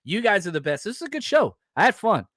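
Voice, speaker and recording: Podcast host, man, higher voice, heated profane rants, dry close sound. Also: very animated, quick pace, a bit bright, no echo. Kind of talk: casual sports podcast talk.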